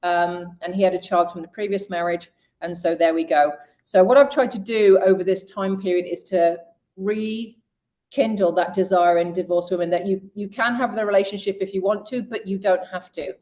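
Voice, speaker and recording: A middle-aged woman in an interview, telling her own story and speaking straight to women listeners. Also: normal speed. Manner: lively storyteller who voices quoted people with raised pitch; direct, addresses women listeners. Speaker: guest coach.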